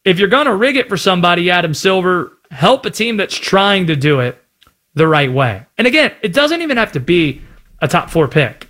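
A sports talk radio host from North Carolina argues his points in an energetic, opinionated way. His voice sits fairly high for a man, and its pitch rises and falls with lively swings. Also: moderate pace.

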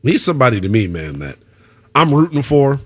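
A man's voice: mid-range voice, very animated, fairly quick, breathy edge. A man hosting a sports talk radio show, emphatic and conversational. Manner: emphatic, conversational, calls people brother.

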